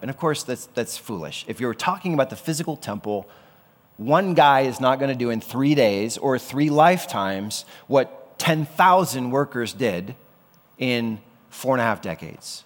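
A pastor delivers a sermon in a mid-range, expressive male voice at normal speed. He keeps it conversational, often putting questions to his listeners, and the recording carries a long hall reverb.

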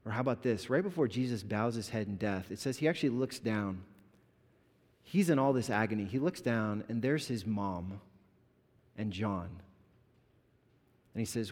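A man pastor giving an animated, conversational sermon with humor to his congregation in a church. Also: mid-range voice, moderate pace. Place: church sanctuary. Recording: long hall reverb.

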